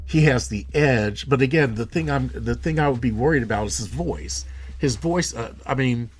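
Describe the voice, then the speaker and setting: A man co-hosting a casual live stream about movies, rambling and restarting his sentences. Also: medium pitch. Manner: rambling, restarts often, laughs at himself. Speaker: co-host.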